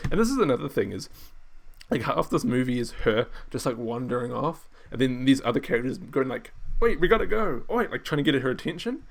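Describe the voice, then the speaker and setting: A man's voice: medium pitch, creaky. A man streaming, rambling through casual film commentary, laughing often and mocking what he watches.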